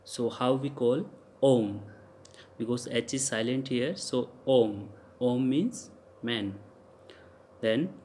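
A man with an Indian English accent giving a recorded lecture, spelling out letters and repeating example words slowly for students. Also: mid-range voice, darkish tone, slight background noise. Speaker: teacher. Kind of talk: recorded lecture on French pronunciation.

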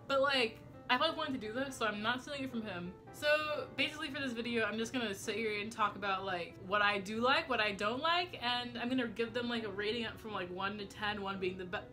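Young woman vlogger, quick rambling casual delivery, slight speech impediment, bright voice. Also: a little high, faint music behind. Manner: very fast, rambling, lots of swearing and fillers. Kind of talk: casual chat to camera. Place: home room.

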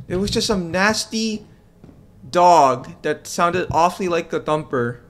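A man's voice: high-pitched, a little slow, slight background noise. A man playing a co-op video game with friends in casual chat, yelping when startled and cooing baby-talk at a creature. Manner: excitable, yelps and baby-talk. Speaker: gamer.

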